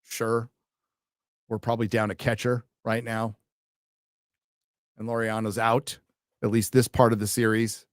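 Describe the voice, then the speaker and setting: An American man hosts a casual live stream, reading donor messages aloud and answering them with wry, dry jokes. His voice is on the low side with little pitch movement, unhurried and full of pauses, and there's no room sound.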